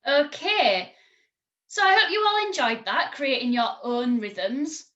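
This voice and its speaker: A woman teaching a recorded music lesson to children, encouraging and clear, singing and chanting examples. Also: high voice, animated, takes it slowly, bright, forceful tone, highs cut off.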